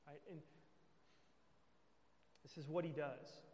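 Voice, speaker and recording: Male pastor, higher voice, emphatic sermon delivery, recorded in a reverberant hall. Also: fairly even intonation, slow pace, a little mellow. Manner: emphatic, with conversational check-ins. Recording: echoey hall with long reverb.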